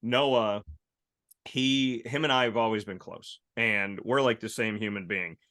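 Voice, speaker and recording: A man hosting a casual chat show, telling stories in a lively way and acting out the voices of the people in them. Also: lowish voice, a little slow. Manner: animated storyteller, acts out quoted voices. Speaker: host.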